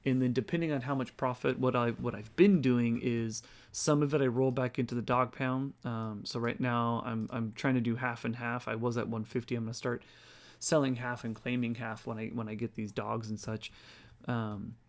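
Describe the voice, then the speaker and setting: A man's voice: mid-range voice, fairly even intonation, moderate pace. A man hosting a casual screen-share walkthrough, tired and yawning, rambling and thinking aloud as he reads figures off the screen. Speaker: crypto video host.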